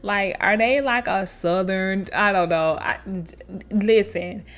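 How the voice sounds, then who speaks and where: A woman hosting a show where she reads online stories aloud and reacts to them in an expressive, chatty way, laughing often and talking straight to her listeners. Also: mid-range voice, takes it slowly. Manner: chatty, addresses listeners directly. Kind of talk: casual storytelling with commentary.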